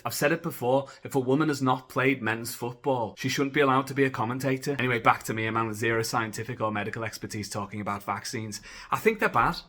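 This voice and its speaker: Dry-witted man, bright voice. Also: medium pitch. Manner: dry, sarcastic asides. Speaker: comedian. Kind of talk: satirical sketch comedy.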